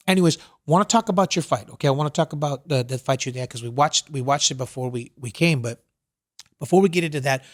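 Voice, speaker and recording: A man hosting a podcast, telling long rambling stories in casual chat and filling them with "you know" and "whatever". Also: medium pitch. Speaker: podcast host.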